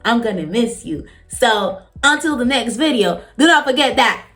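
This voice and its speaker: A woman's voice: a little high, animated, normal speed, fairly bright tone, faint music behind. Playful woman reacting to a clip. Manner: playful, laughs often, teasing asides. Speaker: reaction channel host. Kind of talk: casual commentary to camera.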